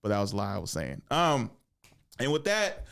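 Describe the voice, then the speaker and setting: A man's voice: on the low side, huge pitch swings, moderate pace, vocal fry, fairly bright tone. A young man hosts his own podcast, telling loose, profane stories alone and laughing as he acts out the people in them. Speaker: podcast host. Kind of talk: casual storytelling monologue.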